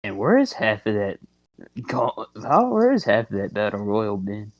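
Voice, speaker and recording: A man's voice: fairly low pitch, moderate pace, dry recording, dull audio. Joking man, dry close podcast voice. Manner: joking, swearing, deadpan asides. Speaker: podcast co-host. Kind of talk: casual chat.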